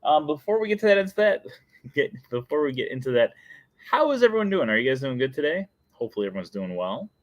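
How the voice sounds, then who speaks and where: A man's voice: on the high side, very animated, fast, dry recording, highs cut off. A young adult man hosting a casual live stream, chatty and playful, often laughing at himself. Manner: playful and chatty, breaks into sung jingle and laughs. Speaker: host.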